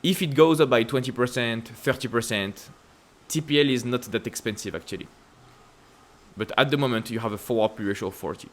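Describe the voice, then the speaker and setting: A man with a French accent hosting casual stock-market commentary, asking emphatic rhetorical questions and jumping up in pitch to stress points. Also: fairly quick. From France. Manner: emphatic, repetitive rhetorical questions with sudden upward pitch leaps. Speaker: investing channel host.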